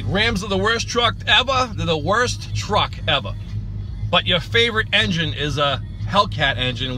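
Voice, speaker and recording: High, bright, mocking man ranting. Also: low-quality recording. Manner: sarcastic, mocking. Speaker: channel host. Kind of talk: ranting response vlog.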